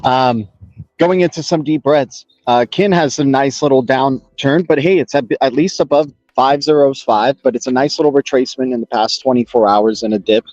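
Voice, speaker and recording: A man's voice: medium pitch, normal speed, darkish tone, no room sound. A man hosting a casual crypto livestream, rambling upbeat and greeting viewers by name, on an external mic plugged into a phone. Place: home setup in Los Angeles. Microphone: external mic on a phone stream. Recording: dull lo-fi phone stream with music.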